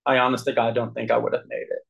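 A man sharing his personal recovery story with a group, earnest and candid, with frequent throat clearing. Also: medium pitch, completely flat delivery, quick pace, a bit bright, low-quality recording.

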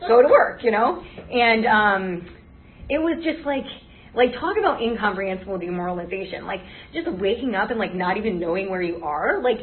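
A woman's voice: medium pitch, animated, moderate pace. A young adult woman sharing her story at a recovery meeting, rambling with many "like" and "um" fillers. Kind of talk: personal testimony at a meeting. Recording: tinny phone-like recording.

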